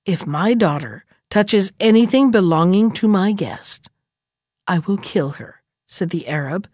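Slow, dry-voiced woman reading a folk tale. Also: expressive, a little mellow, no echo. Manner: unhurried, voices characters with raised pitch. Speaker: narrator. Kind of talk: storybook reading.

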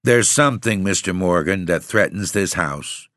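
A man voicing an old woman caretaker with second sight, speaking quietly and solemnly. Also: sits low, lively intonation, moderate pace, dry recording, clean studio sound. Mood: grave. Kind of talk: audiobook reading.

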